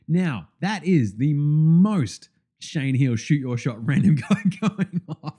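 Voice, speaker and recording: An Australian man hosts a casual sports podcast, breaking into laughs and swearing as he rattles through the week. His voice sits a little high and swoops about with lively energy, with a mellow, dark tone to it. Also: slow. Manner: excitable, swears freely, laughs often.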